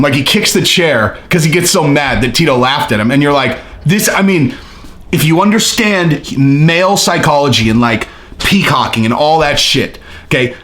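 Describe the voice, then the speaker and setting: A man's voice: fairly high pitch, a bit bright. A man hosting his own channel, talking casually and animatedly, with lots of filler words and swearing. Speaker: host. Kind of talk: casual commentary.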